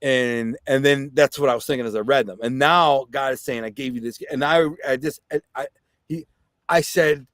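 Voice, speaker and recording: Man telling his story straight, blunt street talk, middle pitch, dead dry sound. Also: fairly even intonation, normal speed, fairly bright tone, dry recording. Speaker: podcast guest. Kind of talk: personal storytelling.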